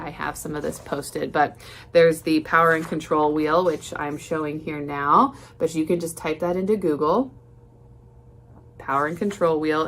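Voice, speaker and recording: A woman counselor hosting a podcast, explaining things in a calm, conversational way with frequent "um" and "you know.". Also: deep voice, slight background noise. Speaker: licensed counselor and podcast host. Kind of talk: informal educational podcast talk.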